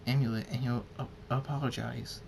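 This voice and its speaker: A man voicing a gentle, earnest male pony king in a home-read fan story, speaking softly with halting restarts. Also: medium pitch, fairly even intonation, vocal fry, a little hiss or hum, natural voice. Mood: tender.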